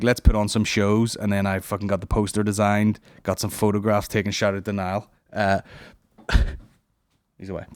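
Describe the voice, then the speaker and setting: A man's voice: lowish voice, dry recording. Profane rambling man. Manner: rambling, profane, puts on silly voices. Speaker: comedy podcast host. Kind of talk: casual comedic monologue.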